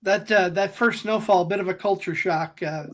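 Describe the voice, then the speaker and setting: A woman co-hosting a casual podcast interview, asking the guest relaxed questions. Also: mid-range voice, normal speed. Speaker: podcast co-host.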